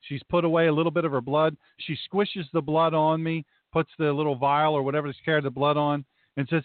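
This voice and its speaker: A man's voice: a little high, level tone, brisk, no echo. A man hosting a talk show, an emphatic and rambling storyteller who acts out scenes as he goes. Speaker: talk show host and pastor. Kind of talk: talk radio chat. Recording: tinny phone-like line, dry.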